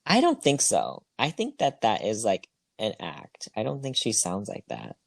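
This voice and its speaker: A man co-hosting a podcast in casual chat, blunt and quick to disagree. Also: lowish voice, wildly swooping pitch, gravelly, dry recording. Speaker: podcast co-host.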